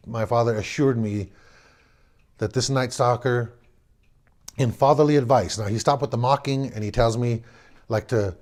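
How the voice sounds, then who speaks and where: A medium-pitched man in his forties from the Los Angeles area tells a personal story wryly and at rambling length, repeating himself and restarting his words.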